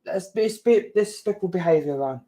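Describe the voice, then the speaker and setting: Defensive man, high voice. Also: fairly quick. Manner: defensive, keeps repeating "calm down". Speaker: stream co-host. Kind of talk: heated livestream chat.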